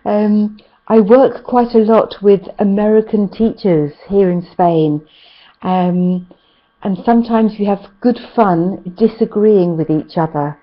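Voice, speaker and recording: A British woman leads an online English lesson, chatty and full of ums. Her voice sits at an ordinary pitch. The call audio comes through slightly muffled. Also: slow pace. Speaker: English teacher. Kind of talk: online class teaching.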